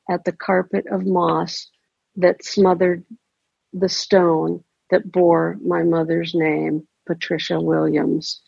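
Gravelly, slow woman storyteller. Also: on the low side, a little mellow, no room sound. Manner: measured, deliberate reading. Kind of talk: first-person story reading. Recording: dry, dull lo-fi recording.

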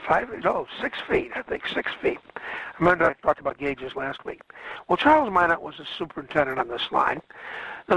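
A man's voice: on the high side, gravelly, a bit bright, no room sound, poor audio. A man lecturing a class on history, rambling along and correcting himself with frequent fillers.

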